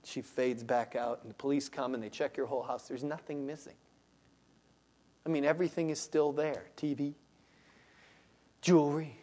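A man preaching a sermon as pastor, dropping to hushed low asides and then building to loud, slow, rising exclamations. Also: little pitch movement, in a large hall. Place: church sanctuary.

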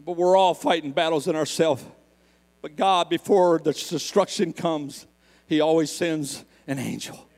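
A man preaching a sermon in a church, moving between hushed personal stories and impassioned shouted appeals. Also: on the high side, steady tone, measured pace, big-room sound.

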